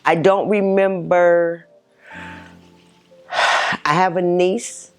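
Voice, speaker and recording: Low, slow-speaking woman telling her story. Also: fairly even intonation, clear, resonant tone, faint music behind. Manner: halting, emotional, many pauses and restarts. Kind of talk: personal testimony.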